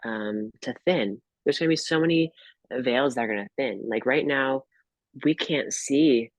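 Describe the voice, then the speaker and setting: A man's voice: mid-range voice, no echo, poor audio. A young man, a guest tarot reader, chatting casually and hesitantly, full of fillers and restarts. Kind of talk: casual chat.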